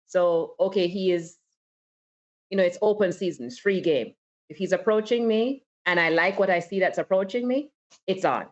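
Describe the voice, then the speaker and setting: A woman with a very low, deep voice talks candidly on a casual podcast panel, telling stories from her own life and laughing easily. The recording is a little dull and lo-fi. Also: moderate pace. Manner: candid, storytelling, laughs often. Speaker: podcast co-host. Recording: slightly dull lo-fi sound.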